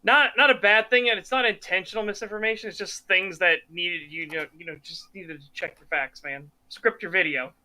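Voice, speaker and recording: A man hosting a podcast, talking games in a casual, animated and opinionated way, swearing freely. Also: high-pitched, a little fast, few pauses. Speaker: podcast host. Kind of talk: casual gaming commentary chat.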